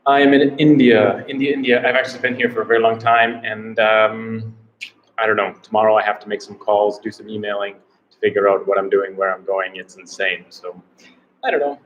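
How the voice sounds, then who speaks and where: A man's voice: on the low side, fairly even intonation, brisk, fairly bright tone, muffled recording, a little hiss or hum. An American man chatting casually on a live stream from a small room, rambling and unsure, often repeating himself. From United States. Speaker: travel vlogger doing a live Q&A.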